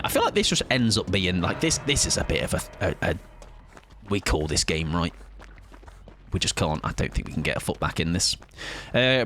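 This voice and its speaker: Chatty English gaming streamer. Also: male voice, fairly low pitch, a bit bright, a little hiss or hum. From southern England. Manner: chatty, self-deprecating, quick asides to chat. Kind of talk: casual live-stream chat.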